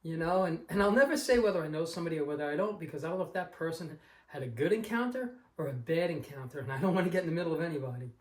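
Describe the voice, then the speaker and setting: Talking very fast in an expressive, higher voice with a darkish tone, a car collector vlogger from Long Island rambles through an anecdote about finding a car. He performs the people in the story, and his room sounds echoey.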